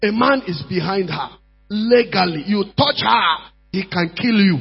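A male preacher with a high, husky voice drives his sermon with emphatic repetition, dropping low then rising to shouts. The recording is dull and lo-fi, with mains hum underneath. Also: animated, a little slow. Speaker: pastor.

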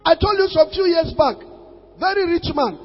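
A man preaching a sermon, switching between low asides and shouted exhortation. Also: lively intonation, moderate pace, faint music behind. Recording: reverberant hall, dull lo-fi sound.

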